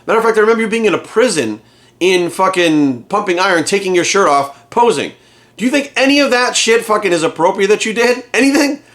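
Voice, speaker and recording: A fired-up man rants straight to camera, swearing freely and firing off rhetorical questions. His voice sits a bit higher than most men's. He talks as a fitness coach hosting his own channel. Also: animated, fairly quick, fairly bright tone. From United States. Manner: heated, profane, rhetorical questions. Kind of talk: angry rant to camera.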